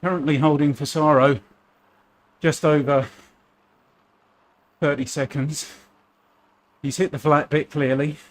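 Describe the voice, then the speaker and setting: A man's voice: fairly high pitch, level tone, measured pace, long pauses. A man from Essex with an Essex accent, chatting casually and joking at his own expense while racing. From Essex, England. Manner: chatty, joking, self-deprecating. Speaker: cycling vlogger.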